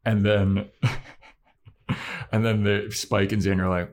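A young man on a casual podcast, retelling a story with animated energy and frequent laughter, jumping into voices as he goes. His voice sits fairly low. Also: measured pace. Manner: animated storytelling, laughs often, acts out scenes. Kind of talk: casual recap chat.

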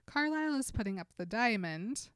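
A woman's voice: on the high side, normal speed, smooth, no echo, clean studio sound. A woman casually retelling a novel's scenes as a podcast co-host, laughing often and quoting the characters in passing. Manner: animated storyteller who laughs often and quotes characters in passing. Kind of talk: casual chat.

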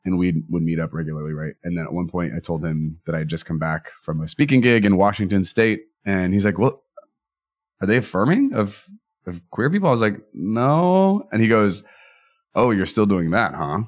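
A man in his thirties, a podcast guest, candidly recounting personal experiences as an earnest, animated storyteller who acts out quoted voices. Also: low-pitched, fairly quick.

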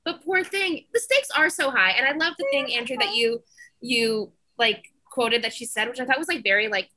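A woman co-hosting a podcast, chatting casually and gushing, acting out quotes in quick bursts. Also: fairly high pitch, dry recording. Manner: gushing, animated, acts out quotes. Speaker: podcast co-host. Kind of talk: casual chat.

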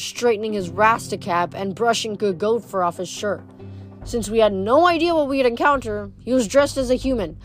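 A woman reading a novel aloud in first person, now and then stumbling and restarting a word. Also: mid-range voice. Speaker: reader.

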